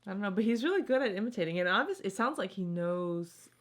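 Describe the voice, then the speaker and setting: A woman's voice: medium pitch, expressive, quick pace. An American woman co-hosting a casual reaction video, chatting and thinking aloud. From United States. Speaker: channel co-host.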